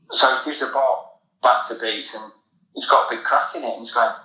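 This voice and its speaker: A man's voice: fairly low pitch, steady tone, brisk, pushed and bright, roomy sound, rough recording. An English man, a former footballer, telling a long anecdote in a casual podcast chat, with many fillers and restarts. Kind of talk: casual storytelling.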